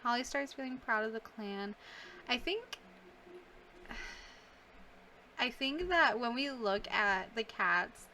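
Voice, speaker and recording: Young female gamer, casual commentary, emotive reactions, slow and unhurried, faint hum behind. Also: medium pitch, bright, forceful tone. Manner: emotional, reacting aloud with gasps, sighs and laughs. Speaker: gaming YouTuber. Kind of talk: casual let's-play commentary.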